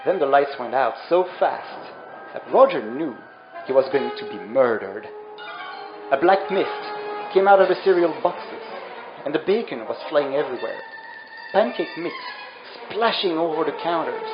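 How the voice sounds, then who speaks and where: A man's voice: fairly high pitch, expressive, unhurried. A man narrating a comedic dramatic reading with over-dramatic, melodramatic delivery. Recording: roomy, dull lo-fi sound. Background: music.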